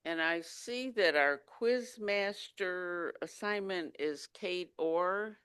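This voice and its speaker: A woman's voice: fairly low pitch, takes it slowly, fairly bright tone, smooth, no echo. A woman chairing a club meeting over a video call, hesitant with many fillers.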